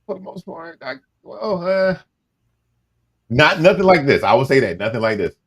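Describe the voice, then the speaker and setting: A man's voice: fairly high pitch, very animated, moderate pace, gravelly, breathy edge. A man co-hosting a casual podcast, chiming in with short agreeing asides. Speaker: podcast co-host.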